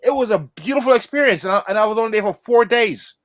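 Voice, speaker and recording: A man co-hosting a livestream podcast, talking with passion and effusive excitement, often restarting his words. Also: sits high, fast, no echo, studio quality. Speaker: podcast co-host. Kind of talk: excited casual livestream chat.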